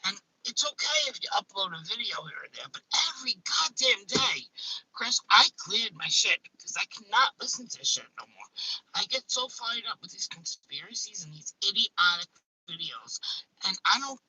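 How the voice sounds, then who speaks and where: A woman with a thick Staten Island accent rants bluntly on a live stream. Her voice is piercingly bright and noticeably husky. She swears freely and stumbles into restarts. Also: medium pitch, sing-song, normal speed, low-quality recording. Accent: Staten Island, New York. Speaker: YouTuber hosting a live stream. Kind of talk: casual live-stream rant.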